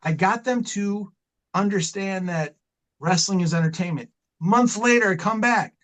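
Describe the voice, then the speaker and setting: In a rough recording, a high-pitched, slightly bright-sounding man tells stories during an interview. He's a middle-aged wrestling manager, and his passionate tales wander and circle back on themselves.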